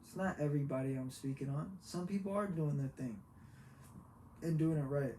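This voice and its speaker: A man giving a heartfelt, preachy motivational talk, halting and repeating himself as he goes. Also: fairly high pitch, mellow. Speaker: motivational vlogger. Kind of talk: earnest motivational monologue. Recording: echoey room with faint background hiss.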